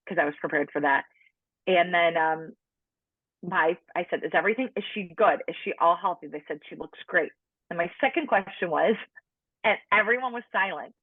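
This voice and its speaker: A woman's voice: on the low side, slightly rough, no echo. A woman in her late thirties telling her own story as a podcast guest, chatty, with lots of "like", acting out the people she quotes. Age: late 30s. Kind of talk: personal storytelling in conversation. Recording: tinny phone-line sound, dry.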